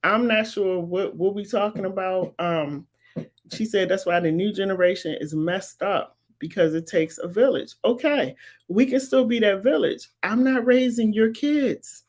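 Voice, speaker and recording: A woman's voice: medium pitch, moderate pace. Emphatic fifty-something woman commentator. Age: 50s. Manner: emphatic, repetitive, preacherly insistence. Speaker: talk show host. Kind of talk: live-streamed commentary answering viewers.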